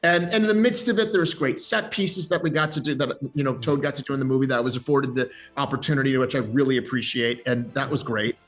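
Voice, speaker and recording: Animated man chatting about voice acting. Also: mid-range voice, fast talker, few pauses. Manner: animated, energetic, with many restarts. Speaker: voice actor. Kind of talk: interview chat.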